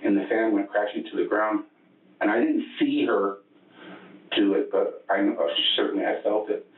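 Rambling, halting male suspect, low voice, phone-like interview tape. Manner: rambling, halting, many restarts. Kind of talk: recounting events in a police interview. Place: police interview room. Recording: echoey, distant, phone-like interrogation room audio.

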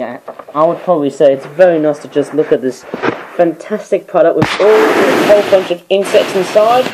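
A hoarse man with an Australian accent, rambling through a casual product review vlog and often correcting himself. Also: fairly high pitch, background noise. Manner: rambling, hesitant, self-correcting. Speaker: toy reviewer.

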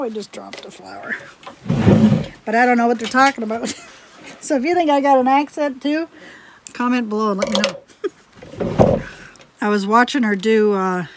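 Unhurried chatty woman crafting at home. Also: medium pitch, noisy background. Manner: chatty, laughs often between sentences; drifts into quiet asides while working. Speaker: homestead vlogger. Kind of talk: casual chat while crafting.

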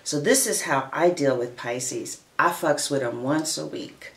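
A woman's voice: deep voice, a little slow, gravelly, reverberant. A woman giving a casual tarot reading, chatty and playful, who laughs often and calls listeners honey and darling. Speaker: tarot reader.

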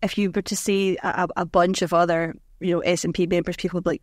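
A woman's voice: on the low side, flat delivery, fast talker, hardly any pauses, dry recording, studio quality. A woman with a mild Scottish accent in casual podcast chat, wry and sardonic, swearing now and then.

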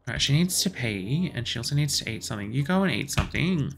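Woman, let's play commentary, deep voice, lively swooping pitch, exasperated, bossing characters around. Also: fast talker, gravelly, few pauses, a little hiss or hum. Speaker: gaming channel host.

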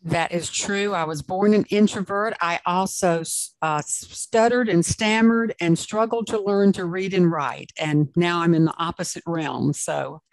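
A woman's voice: fairly low pitch, fairly even intonation, measured pace, hardly any pauses, dry recording. Earnest Southern woman telling her story. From South Carolina. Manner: earnest and emphatic. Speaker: guest, author and speaker. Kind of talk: interview storytelling.

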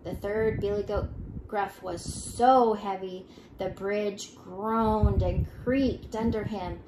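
An older woman reading a children's storybook aloud in an expressive way, with small slips and restarts. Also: medium pitch, slow pace, background noise. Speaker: storybook reader. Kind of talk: children's read-aloud narration. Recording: echoey room.

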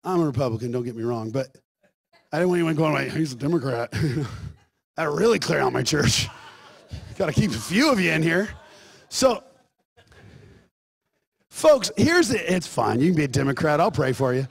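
A man's voice: a little high, very animated, moderate pace, gravelly, long pauses, husky. A man preaching a sermon as pastor, mixing joking asides with emphatic, pressing points.

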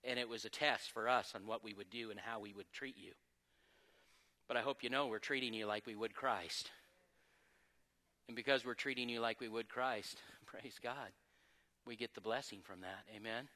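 A man pastor preaching a sermon with lively energy, moving between loud exclamations and quieter, conversational asides. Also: lowish voice, normal speed, long reverb tail. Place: church sanctuary.

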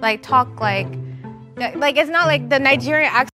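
A woman's voice: high-pitched, normal speed. A woman in a group discussion, rambling with lots of fillers. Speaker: participant. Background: music.

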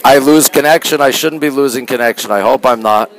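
A man from Canada chatting casually to viewers of a live stream while walking through an art museum, greeting them by name and often talking quietly into a handheld phone. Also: medium pitch, brisk, poor audio. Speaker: livestreamer touring a museum. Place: indoor art museum gallery. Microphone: phone held while walking.

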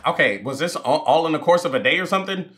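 Brief: male reactor, fairly high, animated, cheering. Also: fast talker, faint music behind. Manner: excitable, cheering. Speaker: movie reactor. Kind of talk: casual reaction commentary.

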